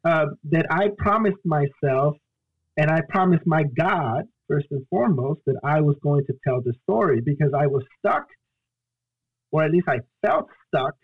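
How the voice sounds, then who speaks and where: A young man from Guatemala, a storyteller and solo performer, telling his own story as a podcast guest in an earnest, halting way. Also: fairly high pitch, lively intonation, breathy edge, no echo, phone-quality sound. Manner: earnest, halting, acts out his own past pleas and quotes. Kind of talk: emotional personal storytelling in a podcast interview.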